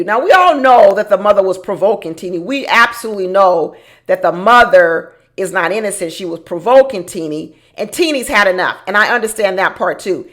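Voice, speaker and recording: A woman's voice: medium pitch, a bit bright. Woman doing a reality tv recap, talks like she's chatting with friends, opinionated. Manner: chatty, opinionated, addresses viewers as y'all. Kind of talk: casual recap commentary.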